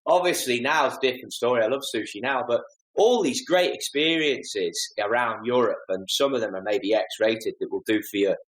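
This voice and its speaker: A man, a podcast guest telling animated, self-deprecating stories and acting out little asides. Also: mid-range voice, moderate pace, roomy sound, low-quality recording. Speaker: podcast guest, golf club fitter. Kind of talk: casual storytelling interview.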